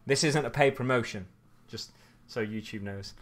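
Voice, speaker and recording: A man's voice: medium pitch, moderate pace. A man chatting casually to his viewers as he places tufts on a model base, often muttering to himself. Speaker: hobby streamer. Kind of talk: casual chat while crafting.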